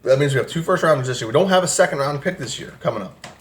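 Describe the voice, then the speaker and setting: A man's voice: medium pitch, animated, racing, a little hiss or hum. A young man hosting a fan channel, ranting angrily and with a lot of swearing about his football team from a room at home. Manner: angry, profane, exasperated ranting. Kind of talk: ranting sports commentary vlog. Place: home room with air conditioner.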